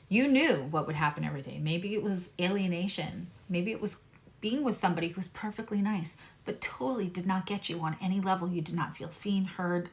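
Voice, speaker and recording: A woman astrologer giving a casual, earnest tarot reading, speaking straight to her viewers in a reassuring way. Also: mid-range voice.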